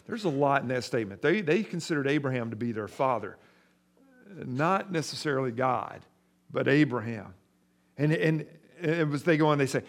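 With an expressive mid-range voice at a moderate pace, a pastor delivers a conversational sermon to his congregation. He leans heavily on stressed words, his volume surging sharply to emphasize them.

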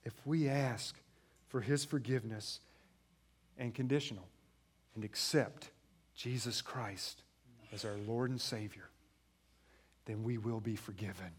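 A man in his thirties preaching a sermon, moving from quiet, low passages to loud, emphatic ones and acting out family dialogue. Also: fairly even intonation, measured pace, pauses often, slightly rough. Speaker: pastor.

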